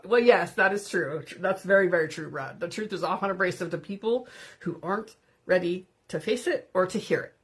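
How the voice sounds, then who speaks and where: A woman's voice: on the low side, moderate pace. A woman hosting an unscripted live stream, talking candidly and greeting viewers by name as she goes. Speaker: livestream host.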